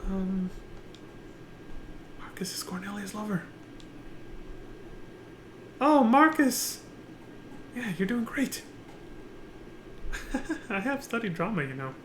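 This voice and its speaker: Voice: mid-range voice, big pitch swings, a little slow, pauses often, echoey room, noisy background. A streamer giving playful live commentary during a game playthrough, with joking asides. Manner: playful, giggly asides, jumps into character voices. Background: game music.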